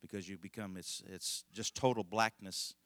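A man's voice: deep voice, fairly even intonation, moderate pace, a bit bright, no echo. A middle-aged male pastor telling a rambling, folksy story in a conversational sermon, laughing often.

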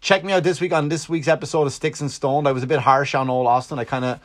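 A man's voice: steady tone, quick pace. Irish guy rambling on his podcast, swears a lot, pokes fun at himself, voice jumps up and down. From Ireland. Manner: rambling, profane, self-mocking, jumpy pitch. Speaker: podcast host. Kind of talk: casual solo podcast monologue, comedic. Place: Long Island home.

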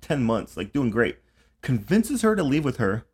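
This young podcast host has a medium-pitched, slightly rough voice that swings widely in pitch, and he talks at a moderate pace. His casual chat wanders through profane stories heavy with fillers.

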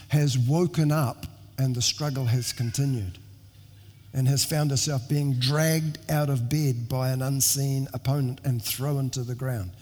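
A middle-aged male pastor preaching in a church hall, his mid-pitched voice carrying a long echo around him. He talks earnestly and conversationally, often restarting his sentences and making wry asides about himself. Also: darkish tone. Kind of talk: sermon with storytelling. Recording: long reverb of a large hall.

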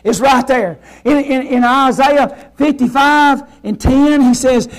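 A man with a strikingly high voice preaches a fervent sermon. He swings from shouting down to a near hush, and keeps asking his listeners rhetorical questions. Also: takes it slowly, few pauses, poor audio. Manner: fervent, swinging from loud shouting to hushed quiet; asks the congregation rhetorical questions.

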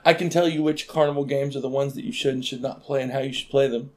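Male storyteller, casual chat, animated, bursts into loud quotes. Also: medium pitch, fast.

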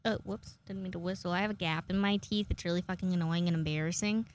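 A woman in her twenties chatting casually to her viewers, rambling and self-mocking, swearing often and jumping into high-pitched acted quotes. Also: fairly even intonation, fast talker, a little hiss or hum. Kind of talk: casual chat to camera.

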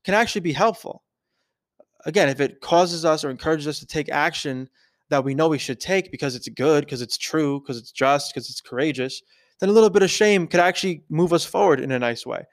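Man, podcast host, slightly high voice, casual reflective talk, frequent "right?". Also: fairly quick. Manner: conversational, keeps asking "right?".

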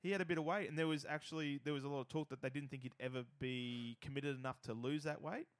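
A man talks sports in a loose, rambling way, swearing freely as he goes. His voice sits at a middling pitch. The sound is close and dry, with no room around it. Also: fast talker, dry recording. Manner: profane, rambling and animated. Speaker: podcast co-host. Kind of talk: casual sports chat.

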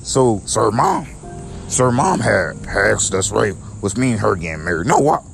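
A man's voice: lowish voice, very animated, normal speed, creaky, faint music behind. A young man venting to his viewers in a repetitive, aggrieved way, often stumbling and restarting his sentences. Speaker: vlogger. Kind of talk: personal rant to camera.

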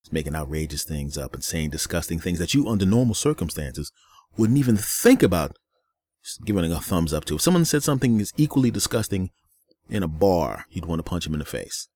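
A man with a very deep voice delivers a solo podcast rant. He sounds worn out and angry, and he swears and circles back on the same points. The recording is close and dry. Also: big pitch swings, a little fast, darkish tone, no room sound. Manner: angry, profane and repetitive. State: weary. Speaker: podcast host.

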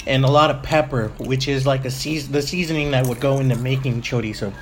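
A woman's voice: a bass voice, fairly quick, slight background noise. A woman co-hosting a casual podcast, tasting snacks and talking with her mouth full, laid-back and swearing now and then. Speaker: podcast co-host. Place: indoors at a table with a microphone.

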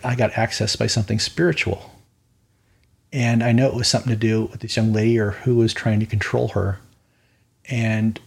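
This minister hosts a podcast in the style of a casual fireside chat, using a mid-range voice that's husky and full of vocal fry. His storytelling rambles into tangents, often ends with "right?" and stays earnest and matter-of-fact about spiritual warfare.

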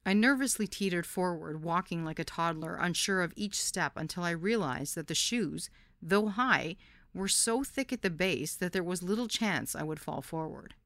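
A woman hosting a podcast reads her own memoir in a candid, lively storytelling manner. Her voice sits low, and the recording is dry and close with no room sound. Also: moderate pace, dry recording. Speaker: podcast host. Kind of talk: first-person memoir narration.

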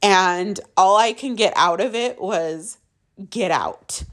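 A woman's voice: medium pitch, takes it slowly, fairly bright tone. A woman telling a raw, emotional story from her own life in casual speech, often saying "like" and swearing.

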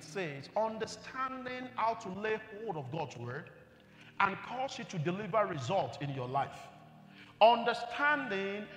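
A man's voice: high voice, fairly bright tone. A male pastor preaching a sermon with emphatic call-and-response and many "you know"s. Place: church hall. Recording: echoey church hall.

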